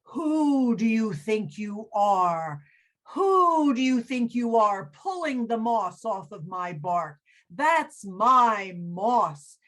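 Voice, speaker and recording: Storybook tree: woman puts on a possessive, grumpy old tree voice, loud and slow. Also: on the high side, very animated, heavily acted. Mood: indignant. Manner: indignant, possessive.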